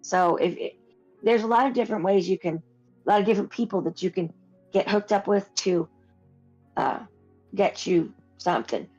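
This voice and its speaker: A woman's voice: medium pitch, moderate pace, pauses often, a little mellow. A woman co-hosting a horror podcast in casual chat, rambling with restarts and fillers. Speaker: podcast co-host. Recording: dull lo-fi audio with faint music.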